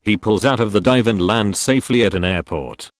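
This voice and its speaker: A man reading a string of short military jokes as scripted narration, in an even, measured storytelling delivery. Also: fairly low pitch, no room sound, clean studio sound. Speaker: joke narrator.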